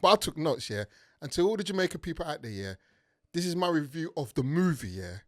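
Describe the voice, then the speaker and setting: A young man with a London accent hosting a comedic film review podcast, talking in an animated way and tagging sentences with "yeah". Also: fairly high pitch, brisk. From Nigeria. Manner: animated, tag questions and "yeah" fillers. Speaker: podcast host.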